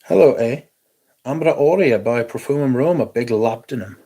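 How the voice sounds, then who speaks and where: A man's voice: medium pitch, expressive, moderate pace, warm tone, breathy edge. A man hosting a livestream, reading viewer comments aloud in a sardonic, sweary casual chat.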